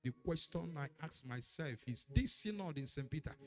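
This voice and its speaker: Man preaching, highly animated and fairly high-voiced, big swings from shouting to hushed. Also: normal speed. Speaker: pastor. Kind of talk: sermon.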